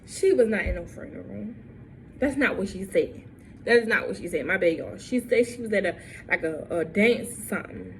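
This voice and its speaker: A woman's voice: medium pitch, moderate pace, a little hiss or hum. A young woman telling a story in a vlog, repeating lines and acting out what people said. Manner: animated, repeats lines, acts out quotes. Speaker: vlogger.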